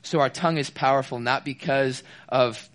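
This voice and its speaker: A man's voice: medium pitch, moderate pace. Young man preaching a storytelling sermon. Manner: storytelling with animated quoted dialogue.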